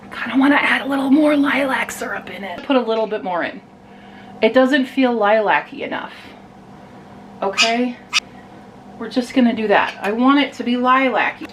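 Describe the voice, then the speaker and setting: A woman's voice: a little high, animated, normal speed, pauses often, background noise. A woman filming a casual baking vlog in her home kitchen, talking playfully in a put-on accent that drops its articles. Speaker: baking vlogger.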